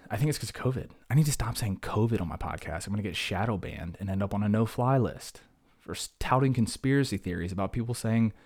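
A young adult man hosting a casual solo podcast, rambling and animated with self-mocking asides. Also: lowish voice. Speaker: podcast host.

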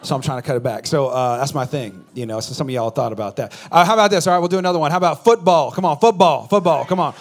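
Joking pastor bantering with congregation. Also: male voice, medium pitch, racing, hardly any pauses. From California. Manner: joking, talks back and forth with the congregation. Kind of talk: casual conversational sermon. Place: church in front of a congregation.

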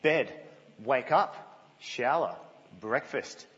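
A man preaching a sermon in a church, telling stories in an animated way and dropping to a hush. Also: mid-range voice, slow. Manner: animated storytelling, drops to a hush. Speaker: guest preacher. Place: church, indoors. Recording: reverberant, muffled church hall.

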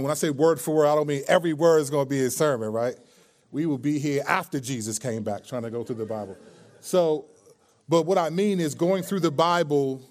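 A male pastor gives a loose, conversational sermon. His voice sits fairly high for a man. He jokes and tells stories, often restarting his sentences. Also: a little mellow. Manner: joking, storytelling, chatty with many restarts.

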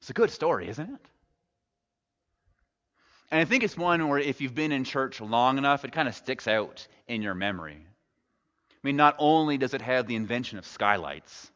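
A man's voice: medium pitch, animated, normal speed, long pauses, fairly bright tone. A man preaching a sermon as a pastor, retelling a story conversationally with wry humorous asides. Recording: echoey hall, dull lo-fi sound.

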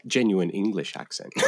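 An Australian podcast guest who drops dry, deadpan quips. His pitch moves very lively up and down. The sound is close and dry. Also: no room sound. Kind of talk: casual podcast chat.

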